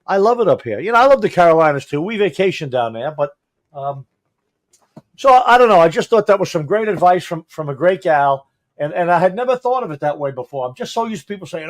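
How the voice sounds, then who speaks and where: A man's voice: high-pitched, animated, fast. A man, a fire chief co-hosting a podcast, chatting casually and rambling through stories while acting out what people said. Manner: rambling storyteller who acts out quotes. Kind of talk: casual chat.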